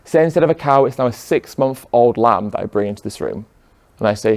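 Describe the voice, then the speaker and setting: An earnest man addresses a live audience in a room, firing off rhetorical questions. His voice sits at an ordinary middle pitch, steady and persuasive. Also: a little fast, gravelly. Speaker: speaker.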